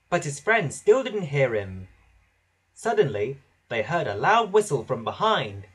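Husky man reading a children's story. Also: mid-range voice, sing-song, unhurried, a bit bright. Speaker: narrator. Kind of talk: storybook narration.

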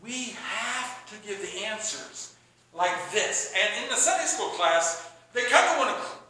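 A man preaching a sermon in an animated, excitable way, often acting out both sides of a conversation. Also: sits high, a little slow, heavy reverb, low-quality recording. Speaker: pastor.

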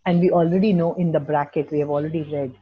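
Indian woman teacher, lively and questioning, husky timbre, dull recording. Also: low-pitched, fast talker. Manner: animated, mixes Hindi phrases, asks students questions. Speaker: English teacher. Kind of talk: classroom lesson.

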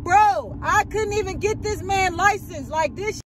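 A woman's voice: extremely high pitch, a little slow. A young adult woman vlogging a rambling, shaken rant from her car, repeating herself as she vents. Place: in or by a car on a road. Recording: outdoor road noise.

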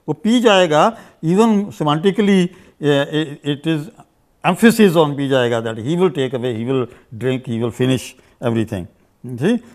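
A man's voice: a little high, darkish tone. A man teaching a grammar lesson, explaining at length with many "you see"s and "uh"s, repeating examples. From India. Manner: repeats example phrases in two languages. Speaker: language teacher. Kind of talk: unscripted grammar lecture.

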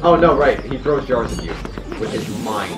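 Lively joking man commenting on a game. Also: mid-range voice. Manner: joking, quick banter. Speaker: let's play host. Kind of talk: casual gameplay commentary. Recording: roomy echo, faint game music.

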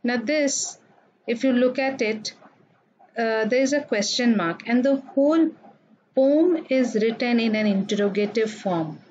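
A woman's voice: a little high, measured pace, darkish tone. A woman giving a recorded grammar lecture, explaining patiently with fillers and repetition. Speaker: English grammar teacher. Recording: dull lo-fi recording with faint noise.

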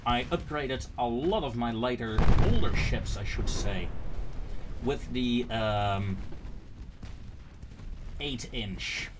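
A man's voice: mid-range voice, slow, long pauses, noisy background. A man casually commenting on his own strategy gameplay, thinking aloud with fillers and frequent laughter.

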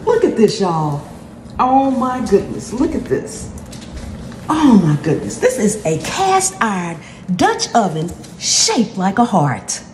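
A woman hosting a cooking channel, talking through an unboxing in a casual, effusive way and exclaiming often. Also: lowish voice. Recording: roomy with steady background noise.

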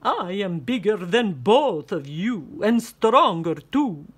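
A woman reading aloud and voicing a boastful male vampire with loud, showy bragging. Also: mid-range voice, big pitch swings, takes it slowly, slightly rough, full character voice.

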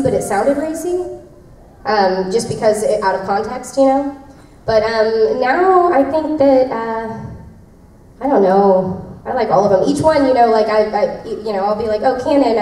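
A woman's voice: on the high side, mellow. Bubbly woman answering fans in echoey hall. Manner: bubbly, laughing, rambling with many fillers. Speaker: voice actress at a fan convention panel. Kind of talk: convention Q&A answers. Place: convention panel room. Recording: echoey convention room, distant, faint noise.

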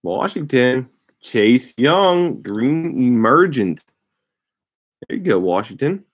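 A man hosting a sports card break, calmly reading out player names as he opens packs. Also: mid-range voice, husky. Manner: unhurried, reads out player names with bursts of excitement. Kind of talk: casual card-opening commentary.

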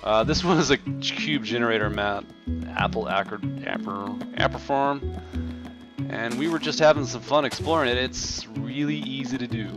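A man's voice: mid-range voice, normal speed, music in the background. A man hosting and chatting casually over gameplay, upbeat and rambling with plenty of fillers. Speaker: server host and gaming commentator.

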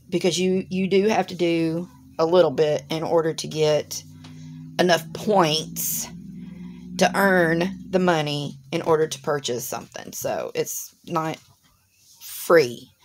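A woman's voice: sits low, slow pace, a little hiss or hum. A woman, hosting a crafting channel and chatting casually through an unboxing to her viewers. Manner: chatty, instructive, addresses viewers directly.

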